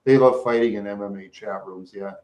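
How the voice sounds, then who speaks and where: A man's voice: fairly low pitch, steady tone, fairly quick, a little mellow. A man hosting a live stream, chatting with viewers in a rambling, repetitive way. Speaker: livestream host. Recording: roomy echo.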